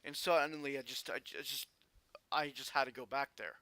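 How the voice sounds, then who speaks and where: A man vlogging a personal story in an earnest, halting way with frequent restarts. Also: mid-range voice, bright, forceful tone, dry recording.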